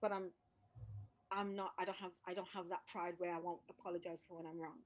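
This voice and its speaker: A woman's voice: lowish voice, little pitch movement, fairly quick, muffled recording. A middle-aged woman in casual chat, an outspoken storyteller who acts out the voices of people in her stories. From England. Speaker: podcast host.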